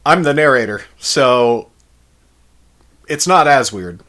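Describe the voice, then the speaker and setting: A young man reading from his own novel and chatting with viewers during a live stream. His pitch is lively and moves a lot, and he talks in a candid, relaxed way. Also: takes it slowly.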